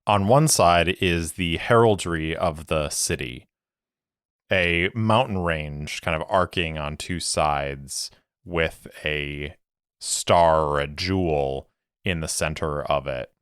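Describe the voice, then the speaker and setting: A man narrating a solo tabletop game as its game master, with calm, deliberate storytelling. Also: rumbling low, clear, resonant tone, dry recording, clean studio sound.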